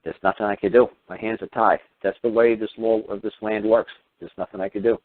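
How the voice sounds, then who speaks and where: A man's voice: fairly low pitch, level tone, a little fast, no room sound. A man hosting a radio show, ranting heatedly and firing off sarcastic rhetorical questions with some swearing. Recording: tinny phone-line radio audio.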